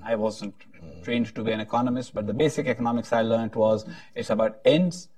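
A man moderating a panel discussion, speaking haltingly with frequent restarts. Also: mid-range voice, fairly even intonation, a little mellow, no room sound, recorded from a distance. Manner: halting, many restarts, tells a joke with voices.

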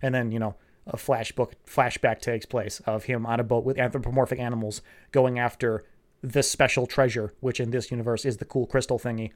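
A man's voice: mid-range voice, level tone, brisk. Sarcastic, profane male recapper. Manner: sarcastic, rambling, swears a lot. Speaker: show recapper. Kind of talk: profane comedic plot recap.

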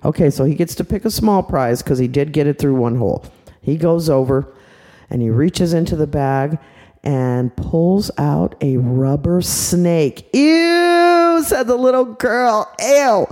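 An older woman narrating an improvised bedtime story in a chatty, animated way, tossing in sound effects. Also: low voice, a little slow. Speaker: storyteller grandmother.

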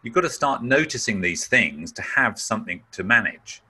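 A man's voice: on the low side, expressive, normal speed, bright, forceful tone, breathy edge. A man giving a webinar talk on managing emotions, explaining emphatically and sometimes acting out sounds. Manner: emphatic, acts out breath-holding sounds. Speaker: webinar speaker.

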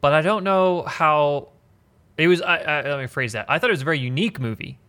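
Bright-voiced man musing on a podcast. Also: fairly high pitch, fairly quick. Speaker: podcast co-host. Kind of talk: casual chat.

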